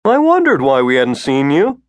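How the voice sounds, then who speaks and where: A man's voice: medium pitch, wildly swooping pitch, moderate pace, no echo, pitched above the performer's own voice. A man voicing a businesslike young male shop clerk in an audiobook, speaking in a clipped, polite way. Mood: surprised. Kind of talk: audiobook character voice.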